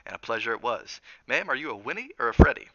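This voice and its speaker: A man voicing a jovial, teasing hotel cook with a soft Southern accent, read aloud from a novel. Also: medium pitch, big pitch swings, fast talker, no room sound, highs cut off. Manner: easygoing, teasing. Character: jovial tall male hotel cook, laughs a lot.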